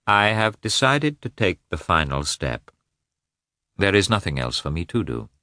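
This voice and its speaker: A man's voice: sits low, sing-song, a little slow, sharp tone, dry recording, clean studio sound, full character voice. A man reading a cold, formal, wounded middle-aged husband who talks in a clipped way, for an audiobook. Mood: bitter. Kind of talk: audiobook character voice.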